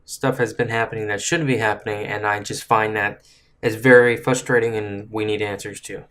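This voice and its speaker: A man's voice: on the low side, fairly even intonation, fairly bright tone. A man giving casual political commentary for a video, sounding frustrated and stumbling now and then as he reads a letter aloud. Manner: frustrated, halting, with restarts while reading.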